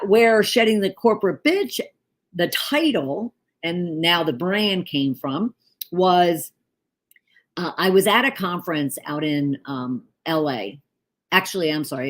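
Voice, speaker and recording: A middle-aged woman, an author and leadership coach, telling a personal story candidly, with many fillers and self-corrections. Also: deep voice. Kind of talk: casual storytelling monologue.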